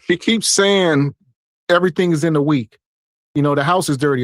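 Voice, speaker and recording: A man's voice: fairly high pitch, normal speed, no room sound, studio quality. A man co-hosting a podcast, reading viewer comments out in a laid-back, wry way. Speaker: podcast co-host.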